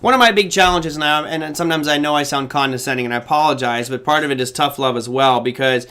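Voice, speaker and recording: A man's voice: on the high side, fast, pushed and bright, smooth. A man hosting a casual live trading show, talking in a chatty, loose way and often correcting himself. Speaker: host. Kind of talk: casual livestream talk.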